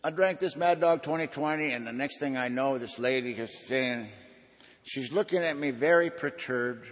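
A man's voice: mid-range voice, moderate pace, long reverb tail. A man giving an earnest personal testimony at a recovery meeting, in a folksy storytelling manner.

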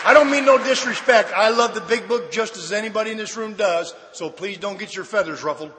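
An older man giving a personal testimony at a recovery convention, telling his story with shouted punchlines and sudden quiet drops. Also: high voice, fairly quick, some chatter behind, a little hiss or hum. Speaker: recovery meeting speaker. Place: large convention hall. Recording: reverberant hall recording with faint ambience.

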